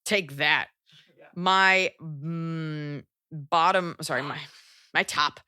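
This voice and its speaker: A woman in her forties hosting a podcast, giving blunt advice in a casual chat, animated and quick with asides and swearing. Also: sits low, smooth, no echo, studio quality. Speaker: podcast host.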